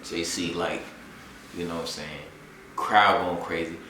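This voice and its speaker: A young man telling a rambling, animated sports story in casual chat, full of fillers. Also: low voice, a little slow, a little hiss or hum. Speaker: sports fan vlogger. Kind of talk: casual storytime and game recap. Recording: echoey room, far from the mic.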